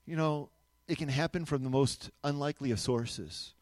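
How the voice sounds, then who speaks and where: A man preaching a sermon, emphatic, moving between loud declarations and quiet asides and asking the audience to answer back. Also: a little high, moderate pace, no echo. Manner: asks the audience questions and has them repeat after him.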